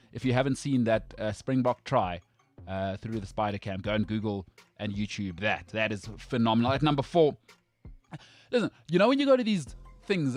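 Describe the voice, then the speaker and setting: Brash man, sports talk host, mid-pitched voice, emphatic jokey rants, faint music underneath. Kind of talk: opinionated sports talk banter.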